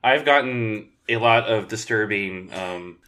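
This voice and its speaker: A man's voice: lowish voice, a little slow, bright, forceful tone. Playful man podcast co-host. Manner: playful, teasing, laughs a lot. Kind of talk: casual chat.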